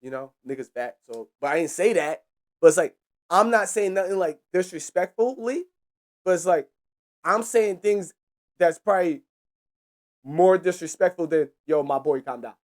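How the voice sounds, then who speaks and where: A young man hosting a podcast, telling a story in a loose, animated rant full of swearing and laughs. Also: sits high, moderate pace, pauses often. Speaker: podcast host.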